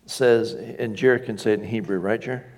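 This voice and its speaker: A man's voice: lowish voice, steady tone, moderate pace, gravelly. A man preaching a sermon in a church, emphatic, lifting his voice on key phrases and asking the congregation for agreement. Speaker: pastor.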